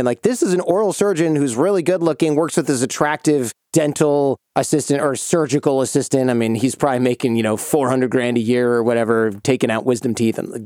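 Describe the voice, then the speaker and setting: A man hosting a podcast, telling a funny personal story with lively energy and frequent laughter. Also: medium pitch, no echo, studio quality. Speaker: podcast host. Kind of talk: casual storytelling chat.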